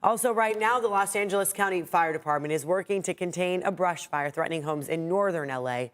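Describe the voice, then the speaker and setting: A female news anchor with an American accent, reading morning stories in a brisk, upbeat way. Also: on the low side. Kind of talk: news reading and light chat.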